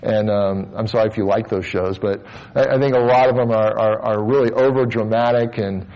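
A man's voice: on the low side, steady tone, a little fast, lo-fi sound. A middle-aged man, a pastor, preaching a conversational sermon with casual asides, frequent restarts and light humor.

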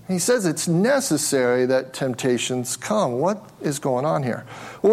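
A male pastor preaching a sermon with emphasis, asking questions and repeating words as he restarts. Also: on the high side.

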